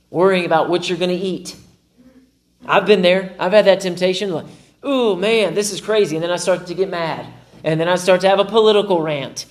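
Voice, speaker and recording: Animated, fairly high-voiced male pastor. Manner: animated, acts out his own inner dialogue with self-mocking humor. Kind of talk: sermon.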